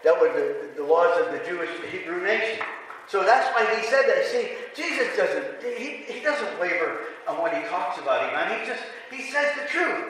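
A man's voice: high-pitched, big pitch swings, moderate pace, fairly bright tone. A man preaching a sermon to a congregation, asking rhetorical questions and building to emphatic passages. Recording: echoey hall from far off, faint room noise.

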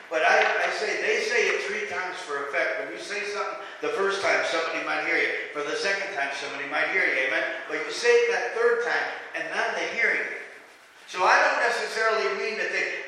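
Male pastor, preaching, asks the congregation questions, high voice, far-off mic, roomy echoing church. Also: bright, forceful tone, slight background noise. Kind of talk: sermon. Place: church sanctuary. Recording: echoey hall from far off.

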